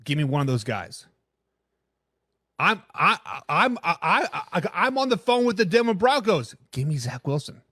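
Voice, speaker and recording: Opinionated high-voiced man talking sports. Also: normal speed, husky, no room sound, clean studio sound. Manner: opinionated, reads and answers live chat; stumbles and repeats words when excited. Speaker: sports talk show host. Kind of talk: live-streamed casual sports talk.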